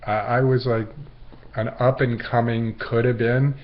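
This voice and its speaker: A man's voice: mid-range voice, level tone, unhurried, lo-fi sound. A man hosting his own show, rambling through anecdotes in a casual monologue, laughing at his own stories and acting out the lines of others. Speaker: host.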